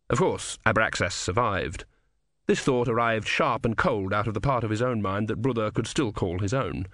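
A man narrating a comic fantasy novel in a wry, measured storytelling manner. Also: on the low side, fairly bright tone, dry recording, studio quality. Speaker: audiobook narrator. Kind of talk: scripted narration.

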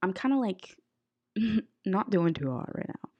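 A woman's voice: mid-range voice, sing-song, unhurried, slightly rough, lo-fi sound. A young woman hosting a podcast, chatting casually with lots of fillers, a bit sick. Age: young adult. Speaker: podcast host. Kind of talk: casual chat. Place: college apartment bedroom.

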